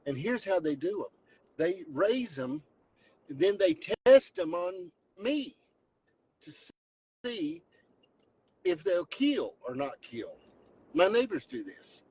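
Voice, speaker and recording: A husky-voiced man with a Southern Appalachian accent talks into a phone from his truck. He spins a joking, mock-dramatic tale. The sound is slightly dull and lo-fi. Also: sits high, big pitch swings, slow, pauses often, darkish tone. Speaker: vlogger host. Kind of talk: joking storytelling vlog. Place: in a truck driving home.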